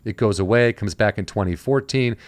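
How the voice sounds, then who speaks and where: On his casual podcast, the host tells stories and acts out the voices of the people he quotes. He speaks a little fast in a lowish voice, with no echo on the audio.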